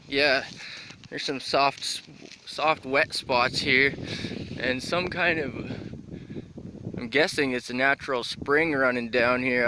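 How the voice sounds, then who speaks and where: A man's voice: medium pitch, bright, forceful tone, low-quality recording. A man vlogging outdoors in winter. He thinks aloud while hiking and shivers from the cold. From Canada. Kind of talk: casual narration while filming. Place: outdoors by frozen waterfalls in winter wind. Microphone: handheld camera mic. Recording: windy outdoor camera audio.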